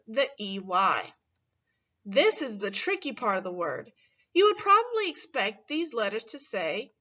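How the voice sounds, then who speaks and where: Slow sing-song woman teacher. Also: a little high, fairly bright tone, dull audio. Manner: slow, clear and sing-song, stretching words for young children. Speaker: first grade teacher. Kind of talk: recorded phonics lesson.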